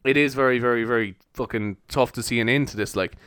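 A man's voice: medium pitch, fast, fairly bright tone, clean tone, no echo, clean studio sound. Rambling young man with a Cork accent. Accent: Cork Irish. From Cork, Ireland. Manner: jokey, rambling, swears casually. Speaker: podcast host. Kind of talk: rambling solo podcast chat.

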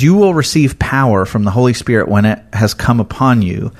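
A man giving an earnest, conversational sermon, animated and full of casual fillers as he talks through scripture. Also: mid-range voice, gravelly. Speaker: preacher.

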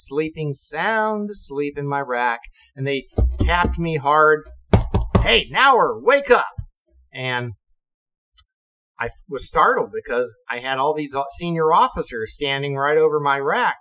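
A man's voice: mid-range voice, poor audio. Older man, retired navy officer, casual storyteller who swears and laughs. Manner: lively, acts out quotes, swears and laughs.

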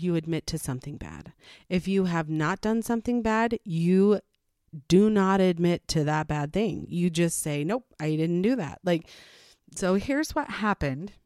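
A woman's voice: on the low side, a little slow, dry recording, clean studio sound. A woman, a mother, giving frank, matter-of-fact parenting advice in a casual talk. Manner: frank, matter-of-fact, with animated quoted asides. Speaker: parenting vlogger.

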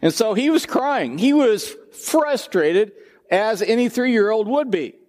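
High-voiced older male pastor preaching. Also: slow pace, big-room sound. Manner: conversational, animated delivery with asides. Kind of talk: sermon.

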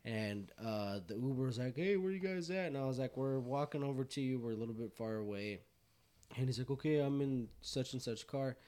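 A man's voice: medium pitch, fairly even intonation, a little fast, warm tone. A man casually telling a rowdy story to friends, swearing and laughing as he goes.

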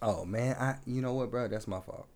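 A man's voice: mid-range voice, moderate pace. A man co-hosting a casual comedy podcast, telling a long joke and acting out each character's lines with frequent laughter. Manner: animated storyteller, acts out the characters' lines, laughs often. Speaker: podcast co-host.

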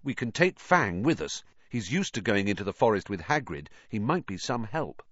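A man voicing a quiet, determined teenage boy who speaks firmly. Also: sing-song, normal speed, dry recording, highs cut off. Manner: firm, low-key.

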